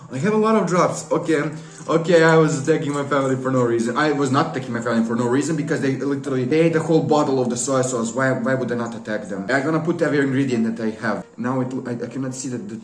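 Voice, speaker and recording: A man hosting a casual cooking vlog at home, rambling and jumping between thoughts with self-mocking asides. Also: medium pitch. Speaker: YouTube host. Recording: echoey room with faint music.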